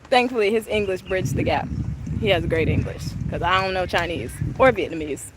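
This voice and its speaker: A young adult woman with a lowish voice and a brisk pace live-streams a walking tour of an outdoor park from her phone. She's a travel vlogger, gushing and chatty, with wind and outdoor ambience in the background.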